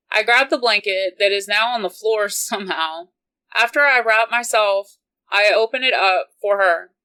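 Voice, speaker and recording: A woman reading a romance novel aloud in an unhurried, even manner. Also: medium pitch, rough recording. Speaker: audiobook reader.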